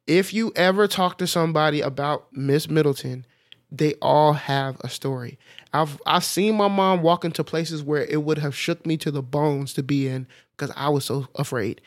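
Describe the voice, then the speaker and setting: A man co-hosting a podcast in casual chat, animated, often laughing, with many fillers. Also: fairly high pitch, normal speed. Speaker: podcast co-host.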